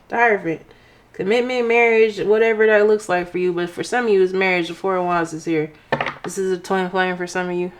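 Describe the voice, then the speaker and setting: A young woman giving a casual tarot reading to her viewers, expressive and excitable, talking through tears at times. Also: medium pitch, slight background noise. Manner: expressive, excitable, exclaims often. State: emotional, near tears. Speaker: tarot reader.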